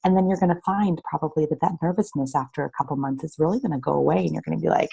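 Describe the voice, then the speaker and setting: A woman's voice: deep voice, very fast, vocal fry, hardly any pauses, warm tone, slightly rough. A woman on a team call, talking frankly and encouragingly with frequent "like" and "um". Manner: encouraging, frank, says "like" and "um" often. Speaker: fitness coach on a team call. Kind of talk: casual team call chat.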